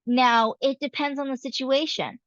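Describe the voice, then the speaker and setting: Woman teaching poetry, chill explainer vibe, kinda high voice, dry dull lo-fi recording. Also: fairly even intonation, moderate pace, fairly bright tone, dry recording. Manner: casual explanatory, frequent fillers. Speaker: lecturer. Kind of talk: recorded literature lecture.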